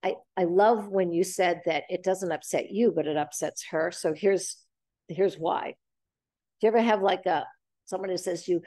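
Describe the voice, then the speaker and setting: Lively woman in her seventies. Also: fairly low pitch, fairly quick, no echo, clean studio sound. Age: 70s. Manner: animated storytelling, acts out quoted dialogue. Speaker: host leading a group talk. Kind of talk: casual group chat. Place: boxing gym.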